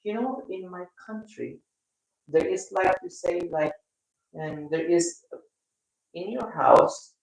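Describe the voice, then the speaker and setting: A man with a Filipino accent hosting a casual live stream, chatting with viewers in a rambling, halting way. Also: sits high, creaky. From Philippines. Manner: rambling, halting, with many restarts. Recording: echoey room, mic at a distance.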